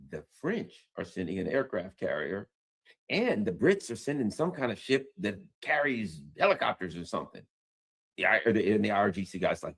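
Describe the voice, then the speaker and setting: A man giving casual, jokey news commentary in an animated, slangy way. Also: fairly low pitch, normal speed, creaky, slightly rough.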